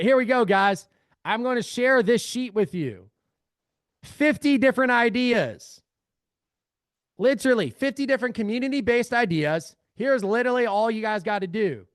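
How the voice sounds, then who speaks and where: Upbeat high-voiced man teaching a workshop. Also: dry recording, studio quality. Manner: energetic, addresses audience as family. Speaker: real estate AI trainer. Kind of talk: live screen-share workshop.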